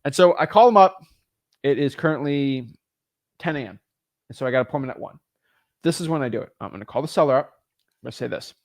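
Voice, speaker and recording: A man teaching real estate wholesaling in an energetic, animated way, often restarting and repeating words as he talks. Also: medium pitch, quick pace, pauses often, no echo, studio quality. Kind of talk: energetic teaching with phone role-play. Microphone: studio microphone.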